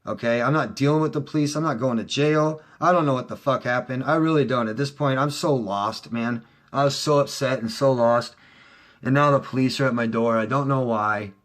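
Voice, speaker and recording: A middle-aged relationship coach speaks directly to viewers in a casual monologue, heated and profane. He swings between loud outbursts and low, quiet stretches, talking fairly quickly.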